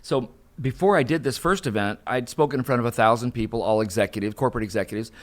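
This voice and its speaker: A man's voice: mid-range voice, fast talker. An older man, a guest and professional speaker, telling a story in an interview and acting out the dialogue. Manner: animated storyteller, acts out dialogue.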